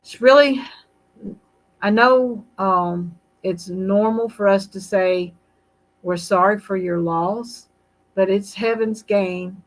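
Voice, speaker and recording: An older woman hosting a casual live stream, talking gently and reading chat comments aloud. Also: medium pitch, fairly even intonation, poor audio. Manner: unhurried, gentle, reads chat aloud between stories. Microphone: computer mic on a live stream.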